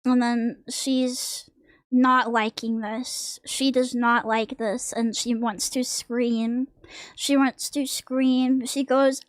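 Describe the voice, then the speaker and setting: High-voiced young woman streamer, slow and joking. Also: level tone, no echo. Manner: rambling, joking, crude. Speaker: vtuber streamer. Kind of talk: casual stream chat while drawing.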